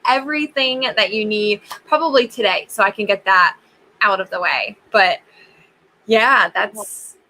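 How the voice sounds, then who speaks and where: A woman's voice: medium pitch, unhurried, low-quality recording. A woman chatting as a guest on a writing livestream, laughing easily. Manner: warm, laughing. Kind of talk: casual chat on a writing livestream.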